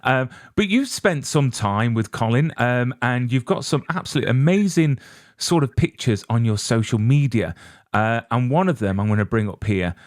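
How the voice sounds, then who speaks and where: A man's voice: mid-range voice, expressive, normal speed, no echo, studio quality. A British man hosting an interview, chatty and joking at his own expense. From Britain. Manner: chatty, self-deprecating. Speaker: interview host. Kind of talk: casual interview.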